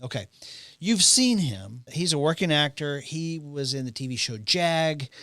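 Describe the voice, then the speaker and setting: Animated podcast storyteller, man, bright and forward voice, dry close mic. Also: a little high, measured pace, no echo. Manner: animated storyteller who acts out quotes. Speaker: podcast co-host. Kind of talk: casual chat, anecdote telling.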